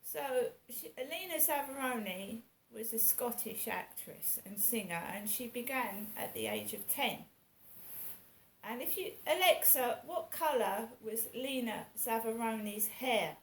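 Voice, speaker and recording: Brief: fifties woman vlogging, gravelly and slightly high, rambling, echoey room with faint ambience. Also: lively intonation, measured pace, a little hiss or hum. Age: 50s. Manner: rambling, with restarts and self-corrections. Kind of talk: casual chat to camera.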